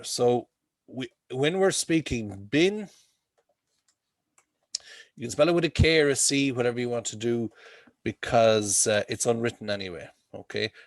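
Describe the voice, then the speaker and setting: Male teacher, mid-pitched voice, dry sound on a video call; explains patiently, checks in often. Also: no echo. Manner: explains with homely comparisons, checks in with frequent "okay?". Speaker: English teacher. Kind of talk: online class teaching.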